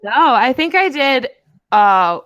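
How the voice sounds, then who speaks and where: A young woman co-hosting a podcast, telling stories in a profane, animated way. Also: high voice, takes it slowly, no echo, lo-fi sound. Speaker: podcast co-host. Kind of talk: casual chat.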